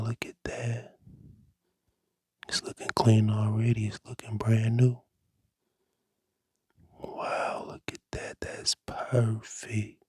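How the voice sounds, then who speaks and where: A man whispering slowly through an ASMR cleaning video indoors, repeating the same short phrases over and over. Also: fairly low pitch, a little mellow, breathy edge, no room sound, clean studio sound. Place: indoors at a rented home.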